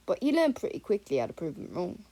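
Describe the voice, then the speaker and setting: A woman's voice: lowish voice, huge pitch swings, fast, exaggerated voice. A woman doing an easygoing old-school wizard professor. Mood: reassuring. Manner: warm, reassuring and chatty.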